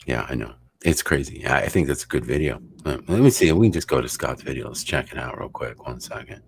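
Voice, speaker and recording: A man's voice: rumbling low, animated, quick pace, gravelly, husky. A man hosting a show, rambling and joking in casual chat, swearing freely. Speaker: host.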